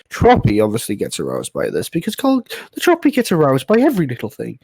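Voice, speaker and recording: Animated young man narrating goofy fan fiction. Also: medium pitch, fast talker, gravelly, breathy edge. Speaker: host. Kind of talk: comic storytelling on a voice call.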